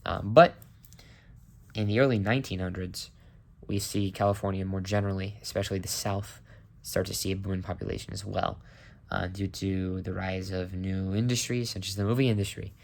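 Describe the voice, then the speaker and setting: A man with a fairly low voice gives a relaxed, unscripted rundown of history for his vlog. He talks informally and openly shares his opinions. He often pauses on a filler "um". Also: creaky. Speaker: history vlogger. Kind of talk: casual explainer.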